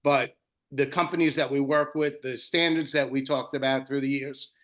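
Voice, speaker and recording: A man, a guest shop owner on a video call, telling stories in a lively, emotional way with some swearing. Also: mid-range voice, normal speed. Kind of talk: casual storytelling.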